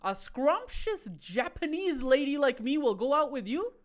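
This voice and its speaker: Woman as a scornful young coworker, higher and louder. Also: sing-song, measured pace. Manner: scornful, haughty. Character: haughty young woman coworker rejecting a suitor.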